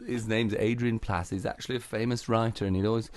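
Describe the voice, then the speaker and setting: A man's voice: on the low side, steady tone, quick pace, darkish tone. A man chatting as a guest on a podcast, jokey and rambling, chuckling through his answers. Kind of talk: casual podcast chat.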